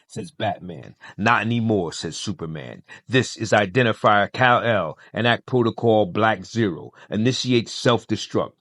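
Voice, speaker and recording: Low-voiced man narrating a comic story. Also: unhurried, hardly any pauses, fairly bright tone, no room sound, clean studio sound. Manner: reads every character's lines with little change of voice, narrating between quotes. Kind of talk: comic story narration, reading all parts.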